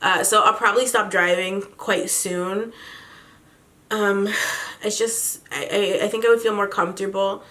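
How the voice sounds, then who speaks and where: A young pregnant woman chatting casually in a vlog, slangy and quick to laugh. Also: medium pitch, steady tone, pushed and bright. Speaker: vlogger.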